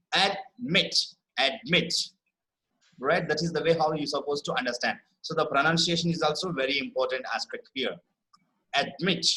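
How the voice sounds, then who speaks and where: Teacher, bright and patient. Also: male voice, fairly high pitch, low-quality recording. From India. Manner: explains patiently, checks understanding with "right?" and "correct?"; repeats key words slowly for emphasis. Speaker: spelling teacher. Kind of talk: online spelling lesson.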